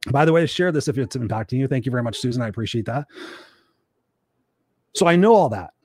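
A man's voice: medium pitch, expressive, fast, a little mellow, slightly rough, no echo. A middle-aged man hosting a motivational talk show, speaking emphatically and repeating his key points for viewers. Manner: emphatic, repetitive, acts out quoted voices.

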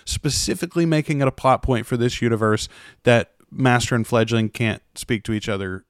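A man's voice: medium pitch, fairly quick, dry recording. A man co-hosting a casual podcast, breaking down scenes in a loose, analytical way and dropping the odd curse. His voice sits in a middle register. The sound is dry and close, with no room around it. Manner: chatty, analytical, swears casually. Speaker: podcast co-host.

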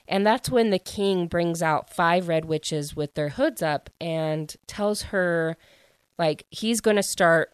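A woman casually recapping a novel's plot, chatty and animated and full of fillers. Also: lowish voice, smooth, no room sound. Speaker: book reviewer.

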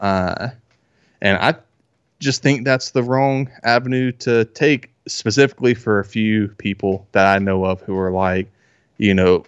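A man's voice: lowish voice, fairly even intonation, measured pace, smooth, dry recording. A man co-hosting a podcast in casual chat, opinionated and loose with fillers. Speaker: podcast co-host. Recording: dull lo-fi audio.

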